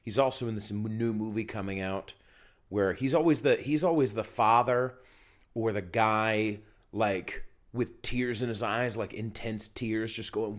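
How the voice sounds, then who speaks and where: A man's voice: on the low side, steady tone, unhurried. A man hosting a solo podcast, ranting and riffing with lots of profanity while getting over a cold. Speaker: podcast host. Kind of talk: solo comedic podcast rant. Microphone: filming himself on camera.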